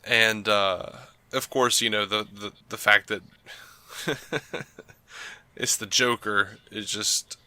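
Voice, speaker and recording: A man with a lowish, very bright and sharp voice hosts a podcast. He chats loosely, fills his speech with ums and uhs, and laughs often. The sound is close and dry. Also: steady tone, slow pace, pauses often, clear, resonant tone, no echo. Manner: chatty, laughs often, many fillers. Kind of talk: casual chat.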